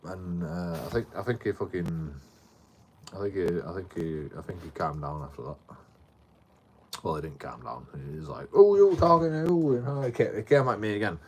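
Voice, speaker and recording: A Yorkshire-accented live streamer from Bradford, England, a man in his late thirties, tells his live chat a rambling, swear-filled story, often repeating himself. His deep voice is animated and moderately paced, with a little hiss or hum in the audio.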